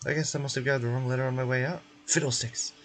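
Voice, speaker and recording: A man's voice: mid-range voice, fairly even intonation, fast, fairly bright tone, a little hiss or hum, close to an everyday voice. A man voicing a flustered, forgetful adult man who is running late in a fan game voice-over, with fussy, old-fashioned exclamations.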